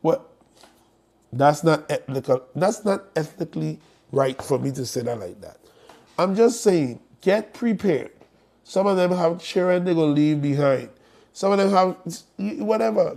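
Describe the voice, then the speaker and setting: Male host, warm and higher-pitched, blunt and joking on a live stream. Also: creaky. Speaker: host promoting an estate planning conference.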